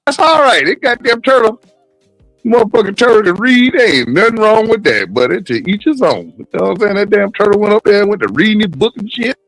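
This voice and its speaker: A man's voice: sits high, animated, fairly quick, a bit bright, dry recording, faint music behind, rough recording. A man in casual panel chat, crude and mocking, laughing as he talks. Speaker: panel caller.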